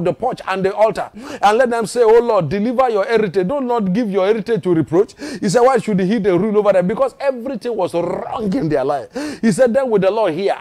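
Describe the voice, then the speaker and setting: A man's voice: high-pitched, darkish tone. A man from Nigeria preaching a sermon as pastor, emphatic and repetitive, often asking the congregation if they follow. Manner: emphatic, repetitive preaching with quick rhetorical questions.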